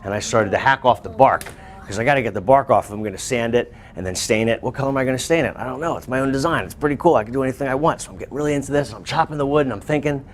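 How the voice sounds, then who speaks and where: A male teacher telling a lively personal story to his students, breaking into shouts and laughter. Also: medium pitch, rapid-fire, slight background noise. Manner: animated, bursts into shouts and laughs while telling. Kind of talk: storytelling to a class.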